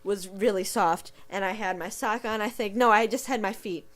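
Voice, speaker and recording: A woman's voice: medium pitch, normal speed. A young woman hosting a casual podcast, telling stories with laughter and acting out voices. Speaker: podcast host. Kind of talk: casual storytelling chat.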